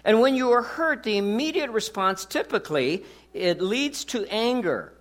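A man's voice: high voice, big pitch swings, moderate pace, a bit bright. A man preaching a sermon as pastor, talking conversationally with rhetorical questions and jokes.

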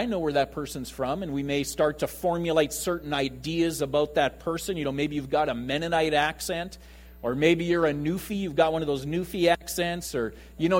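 A man preaches in a loose, conversational way, often acting out voices as he speaks. His voice sits a bit high for a man. A faint mains hum runs beneath the recording. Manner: conversational, animated preaching with acted quotes. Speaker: pastor. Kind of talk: sermon.

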